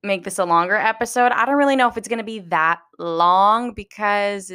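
Bright, nervous young woman podcast host. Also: mid-range voice, moderate pace, clear, resonant tone. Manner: nervous, giggly, rambling with restarts. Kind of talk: casual solo podcast chat. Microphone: home recording.

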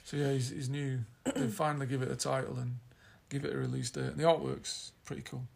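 Gravelly Yorkshire man chatting. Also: medium pitch, sing-song, quick pace. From Yorkshire, England. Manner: chatty, rambling, teasing. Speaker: podcast co-host. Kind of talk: casual chat.

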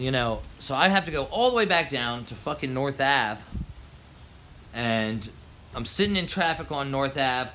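A man's voice: medium pitch, bright, forceful tone, a little hiss or hum. Angry swearing man ranting. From Baltimore, USA. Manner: heated, swearing, slangy. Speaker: local resident ranting. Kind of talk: angry profane rant.

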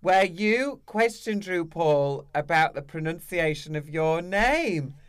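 A man hosting a casual interview, chatty and teasing, often filling pauses with "um". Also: a little high, lively intonation, clear, resonant tone. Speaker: interviewer host.

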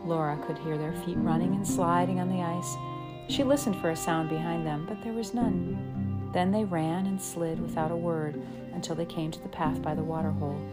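A woman narrating a children's storybook in a slow, gentle, measured way. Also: lowish voice, fairly even intonation, over loud music. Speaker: audiobook narrator.

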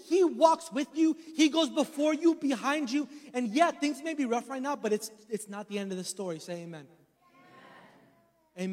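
High-voiced preaching man in a hall. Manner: storytelling, rising to emphatic preaching. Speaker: pastor. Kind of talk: sermon with personal testimony.

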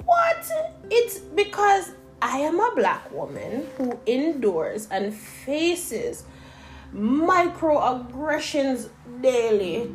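A young Jamaican-accented woman with a high-sitting voice hosts a casual opinion podcast. She talks in an animated, rambling way and slips into patois.

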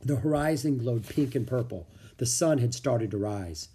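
Male narrator, children's book, husky, animated delivery. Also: mid-range voice, normal speed.

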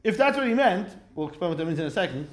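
Man, high voice, animated class teacher, rhetorical questions, acts out quotes. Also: rapid-fire. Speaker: Talmud teacher. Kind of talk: lively study class lecture.

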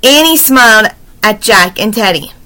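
A woman reading a children's chapter book aloud, expressive, adding her own warm asides. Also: on the high side, moderate pace, rough recording. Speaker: storybook reader.

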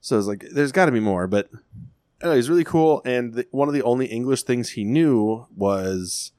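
A man's voice: medium pitch, fast, no room sound, clean studio sound. A young man co-hosting a podcast, telling a long rambling story in casual chat, swearing a lot and acting out what people said. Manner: rambling storyteller, heavy swearing, lively quoted voices. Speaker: podcast co-host.

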